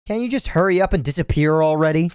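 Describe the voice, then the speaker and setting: A man's voice: a little high, fast talker, darkish tone, clean tone, dry recording, studio quality, pitched above the performer's own voice, lightly acted. A man doing a mocking, cruel young woman. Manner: mocking, contemptuous.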